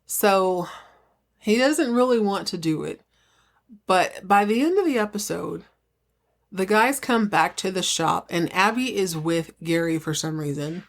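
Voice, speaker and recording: Speaking a little slowly and expressively, a young adult woman hosts a relaxed solo podcast recapping a soap episode. She's chatty and playful, with asides and character lines done in higher voices.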